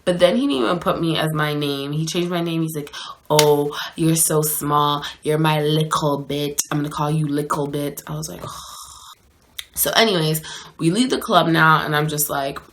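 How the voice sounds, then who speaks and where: A woman's voice: low voice, a bit bright, a little hiss or hum. A woman telling a dating story in a casual, slangy, chatty way, with plenty of "like" and "so anyways".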